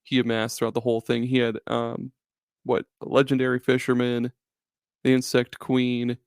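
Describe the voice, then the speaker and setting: A man's voice: medium pitch, completely flat delivery, normal speed, darkish tone, clean tone, dry recording, clean studio sound. A man hosting a podcast in casual chat, loose and profane, laughing often and restarting his sentences. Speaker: podcast host.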